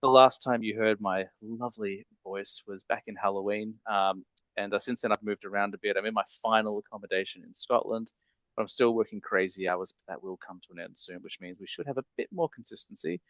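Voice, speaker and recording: A man's voice: on the low side, fairly quick, fairly bright tone, no echo, poor audio. A man hosting a podcast, chatting in an upbeat, casual way with frequent ums and uhs. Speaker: podcast host.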